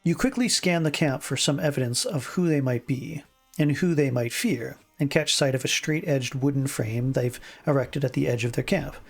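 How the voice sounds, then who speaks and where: A man's voice: medium pitch, normal speed, faint music behind. A man streaming himself reading an interactive fiction game aloud, often stumbling and rereading words, with asides of his own. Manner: stumbles and rereads words, chuckles, puts on voices for lines.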